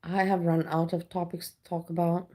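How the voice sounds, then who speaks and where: A woman with a lowish, mellow voice chats on a live stream. She talks straight to her viewers and turns blunt and sweary when she rants. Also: level tone, normal speed. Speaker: livestreamer. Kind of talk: casual live stream chat.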